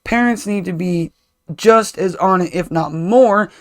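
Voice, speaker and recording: A man's voice: sits high, a little slow. A man co-hosting a podcast, chatting casually and rambling with restarts and casual swearing, talking as a parent. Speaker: podcast co-host. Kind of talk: casual chat.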